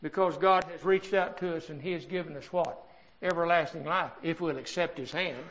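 A man's voice: a little high, fairly even intonation, fairly bright tone, muffled recording. An older man preaching a sermon, swelling in volume and drawing out key words. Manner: emphatic preaching with swells in volume and slowed stresses.

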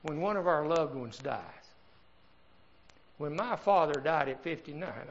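A man's voice: on the high side, lo-fi sound. An older man preaching a sermon, swelling in volume and drawing out key words. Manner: emphatic preaching with swells in volume and slowed stresses.

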